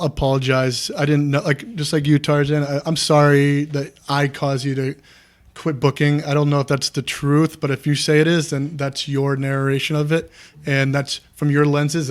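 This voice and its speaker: A man's voice: fairly high pitch, little pitch movement, moderate pace. A man in his thirties, a former wrestler, talking candidly as a podcast guest in a rambling, earnest way full of restarts. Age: 30s.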